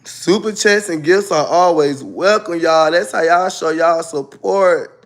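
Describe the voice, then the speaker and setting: Guy on a live stream spilling his story, dramatic and loud at times, kinda high voice. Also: measured pace. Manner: animated, dramatic, loud outbursts. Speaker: livestreamer. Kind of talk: livestream storytelling to viewers.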